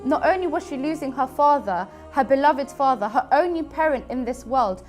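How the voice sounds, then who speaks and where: A woman narrating religious history for a documentary, gentle and earnest. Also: high voice, animated, moderate pace. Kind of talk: documentary storytelling. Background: faint background music.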